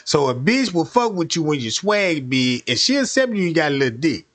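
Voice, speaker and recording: A man's voice: on the high side, very animated, a little fast, fairly bright tone. A man streaming, telling a crude comic story in a profane, rambling way and often checking that listeners follow.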